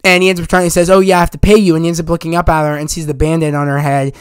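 A man talks through a film in a casual spoiler review, eagerly retelling scenes and acting out bits of dialogue. His voice sits fairly high and sounds smooth. The recording is dry, with no room sound. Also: level tone, racing, no room sound.

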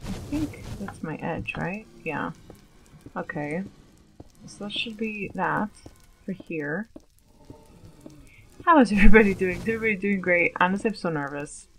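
Woman, let's play gamer, chatty, nervous, self-questioning, lowish voice, faint hiss behind. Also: normal speed, fairly bright tone, poor audio. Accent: Long Island put-on at times. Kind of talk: casual gameplay commentary.

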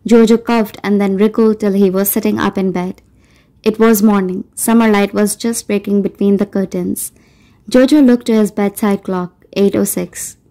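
A woman narrating an audiobook in a measured, softly expressive storytelling manner. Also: medium pitch. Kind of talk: scripted narration.

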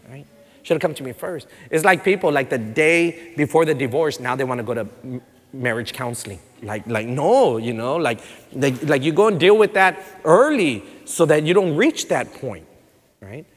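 A man preaching a sermon as pastor, animated and conversational, slipping Spanish words into his talk. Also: medium pitch. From Texas. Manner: animated, conversational preaching with frequent fillers and acted quotes; mixes in Spanish words and phrases. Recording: long reverb of a church hall.

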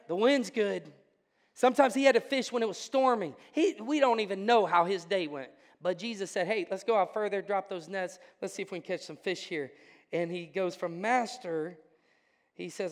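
A pastor preaching a sermon, joking with the congregation and building to fervent, emphatic preaching in a church. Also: male voice, high-pitched, moderate pace. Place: church sanctuary. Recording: church hall with long reverb.

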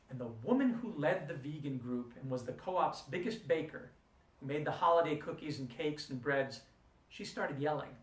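A man lecturing earnestly, weaving a personal story into an argument and posing rhetorical questions. His voice sits a bit high for a man. The sound is roomy and picked up from some distance. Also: lively intonation, moderate pace. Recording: roomy room, distant mic.

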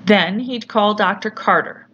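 A woman narrating a horror story in a measured, deliberate storytelling manner. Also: medium pitch, a bit bright. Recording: slightly muffled with faint hiss.

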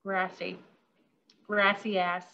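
A bubbly, chatty woman caterer talks viewers through a demonstration, giggling often. Her voice sits at an ordinary middle pitch. The sound is slightly muffled, like online call audio. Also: level tone, takes it slowly, vocal fry, pushed and bright. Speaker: caterer leading a workshop. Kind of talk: casual hands-on demonstration.

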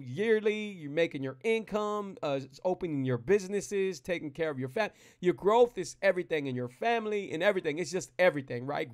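Energetic, rambling male keto coach. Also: a little high. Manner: energetic, rambling, repeats phrases; casual, addresses viewers as "man" and "y'all". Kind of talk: live-streamed motivational talk.

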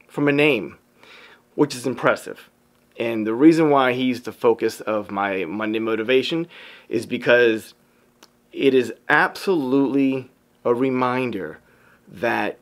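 Man, photographer vlogger, lively swinging pitch, upbeat motivational talk, casual y'all. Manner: animated, upbeat, addresses viewers as y'all.

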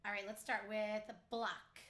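A woman teacher leading a phonics lesson for young children, clearly sounding out words letter by letter. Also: mid-range voice, little pitch movement, a little slow, a bit bright. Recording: echoey room.

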